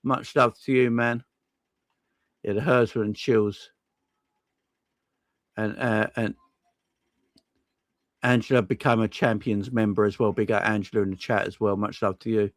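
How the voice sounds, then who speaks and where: A man hosting a casual livestream, thanking viewers one by one in an excitable, effusive way with plenty of slang. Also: fairly low pitch, measured pace, pauses often, no echo. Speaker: livestream host.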